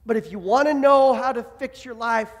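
A man's voice: extremely high pitch, normal speed, in a large hall, highs cut off. A man preaching a sermon as pastor, impassioned and acting out the voices he quotes.

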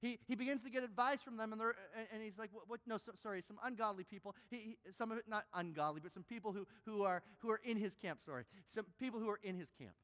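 A man preaching a sermon, swinging between quiet asides and loud, emphatic passages. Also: sits high, fast talker, few pauses. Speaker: pastor. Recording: long hall reverb.

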